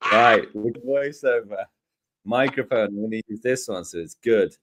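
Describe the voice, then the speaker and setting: A British man co-hosting a live software tutorial in a relaxed, jokey way, laughing often. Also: on the low side, normal speed. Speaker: co-host tutor. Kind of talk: casual live tutorial chat.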